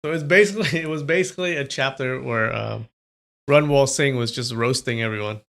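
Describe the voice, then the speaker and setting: A man with a gravelly, mid-pitched voice reads a novel aloud on a livestream. Between passages he drops into casual, chatty asides to his viewers. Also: a little fast, a bit bright. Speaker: livestream storyteller.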